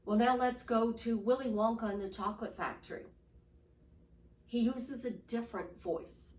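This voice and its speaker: A woman's voice: fairly high pitch, normal speed, darkish tone, distant mic. A woman life coach teaching with enthusiasm, swinging her voice up and down to show how tone changes. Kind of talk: motivational teaching. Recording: roomy echo, voice from off-mic.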